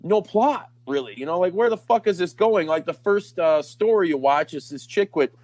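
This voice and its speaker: A man's voice: sits high, lively intonation, normal speed, a little mellow, no room sound. A man hosting a podcast, telling a long story in a rambling, profane, laughing way. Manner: rambling, swears a lot, laughs often. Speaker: podcast host. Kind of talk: casual profane chat.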